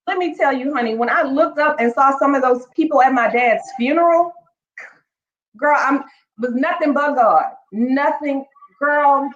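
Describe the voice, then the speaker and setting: A woman's voice: fairly high pitch, fairly bright tone. A woman teacher, a guest, telling her story in a chatty, heartfelt way and calling the listener "girl" again and again. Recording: echoey room, dull lo-fi sound.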